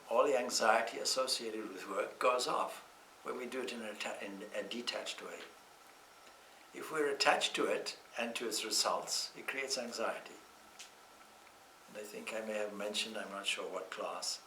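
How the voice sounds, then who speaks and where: Calm monk teaching in an echoey room. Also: male voice, on the low side, recorded from a distance, a little hiss or hum. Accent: Irish. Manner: calm, reflective, slow deliberate phrasing with anecdotes. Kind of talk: scripture class lecture. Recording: echoey room, speaker off-mic.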